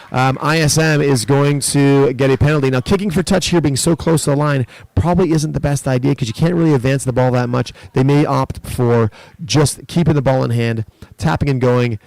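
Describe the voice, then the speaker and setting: Male rugby commentator, gravelly, dry close sound, explains tactics and rises with the play. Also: no echo. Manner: explanatory, lifts pitch and volume during play. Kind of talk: live sports commentary. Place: school sports event.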